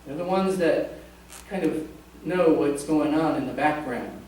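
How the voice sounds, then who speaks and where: High-voiced pastor in an echoey church. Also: male voice, unhurried, darkish tone, slight background noise. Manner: conversational, jokes with the congregation. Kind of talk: sermon. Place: church sanctuary. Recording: echoey church from a distant mic.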